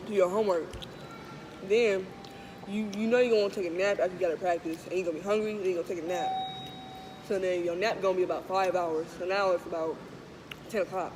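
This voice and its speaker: A woman's voice: on the low side, steady tone, fast, noisy background. A teenage girl giving rambling advice in casual chat with friends. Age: teens.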